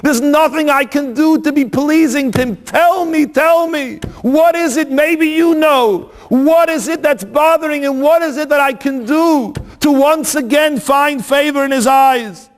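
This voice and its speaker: A man's voice: sits high, measured pace, clean tone, voice pushed down. A man voicing a desperate pleading wife. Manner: pleading, breaking into repeated questions. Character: desperate young wife begging for help. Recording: long hall reverb.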